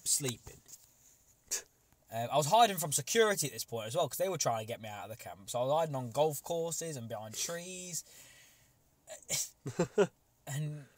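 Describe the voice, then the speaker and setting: A man's voice: a little high, lively intonation, moderate pace, pauses often. A young man, co-hosting a podcast and telling a long, rambling story with casual swearing. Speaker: podcast co-host.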